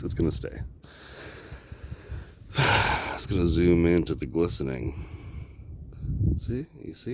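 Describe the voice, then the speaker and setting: A man from Canada with a low, darkish voice rambles and swears in a casual vlog. He films by the water on a handheld camera, laughing often.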